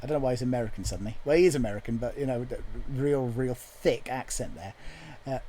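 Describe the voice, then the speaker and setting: A man's voice: medium pitch, fast talker, few pauses, warm tone, slight background noise, poor audio. A man chatting casually to himself while composing a musical, joking as he thinks aloud at his computer. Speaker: musical writer.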